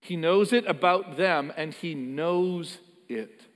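A man's voice: on the high side, takes it slowly. Preaching man in a reverberant hall. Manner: earnest, emphatic preaching with frequent word repeats. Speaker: pastor. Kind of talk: sermon.

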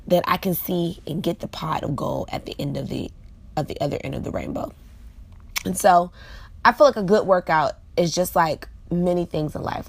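Low, gravelly-voiced woman in her late twenties. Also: no echo. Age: late 20s. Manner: chatty, frequent fillers, talks to viewers directly. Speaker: vlog host. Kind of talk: casual motivational vlog monologue.

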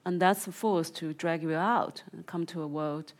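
A woman's voice: low-pitched, steady tone, moderate pace. A woman from China who is an author and filmmaker, talking in an interview with frequent restarts and many "you know"s, and reading aloud from her memoir. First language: Chinese.

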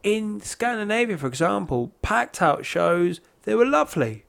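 Animated, rambling man, higher voice. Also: moderate pace, vocal fry. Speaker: stand-up comedian. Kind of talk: casual podcast chat.

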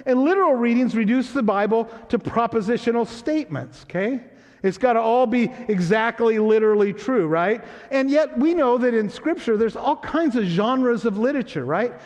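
A man's voice: very high voice, lively intonation, moderate pace, darkish tone. A man preaching a sermon as pastor, conversational and teasing, often checking in with his congregation. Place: church sanctuary. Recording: long hall reverb.

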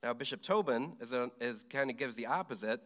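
A man's voice: mid-range voice, brisk, a bit bright. A middle-aged man, a Catholic priest, giving a conversational homily with stories, fillers and restarts.

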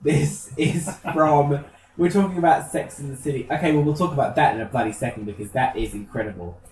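A man's voice: on the high side, brisk, darkish tone. Camp guy gossiping on a podcast, roomy echo, sounds kinda distant, light hiss. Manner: camp, gossipy storyteller, swears freely. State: feeling unwell. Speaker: podcast co-host. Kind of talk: casual chat.

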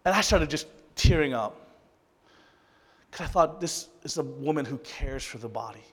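A man preaching a sermon to his congregation, earnest and emotional, his delivery swinging from loud, rising peaks to hushed, soft passages. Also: medium pitch, lively intonation, normal speed, slightly rough, big-room sound. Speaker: pastor.

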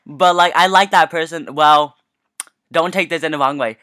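A man's voice: a little high, moderate pace, bright, forceful tone, no room sound, clean studio sound. A young man co-hosting a casual podcast, telling stories in a playful, joking way. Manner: playful, jokey storytelling. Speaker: podcast co-host. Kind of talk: casual chat.

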